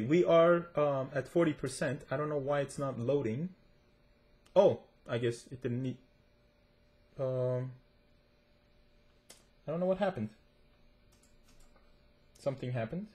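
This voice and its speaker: A man's voice: medium pitch, gravelly, darkish tone. A man with a self-described accent giving chatty, rambling commentary to his viewers while he plays and tests a game. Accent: non-native accent, self-described. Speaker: gaming tech reviewer. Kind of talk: casual gameplay commentary.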